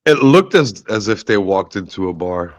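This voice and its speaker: A man's voice: fairly low pitch, expressive, moderate pace, no echo, muffled recording. A man co-hosting a casual football podcast, talking in a blunt, opinionated way. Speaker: podcast co-host.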